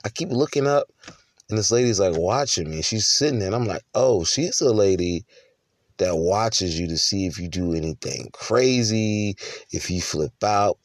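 A man's voice: on the low side, expressive, moderate pace, no room sound. A man, a husband and father, telling a candid personal story in a conversational way, with frequent restarts.

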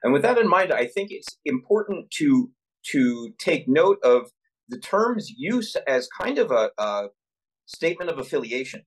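A man co-hosting a casual podcast discussion, talking in a measured, analytical way and searching for his words. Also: a little high, very animated, rough recording. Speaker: podcast co-host.

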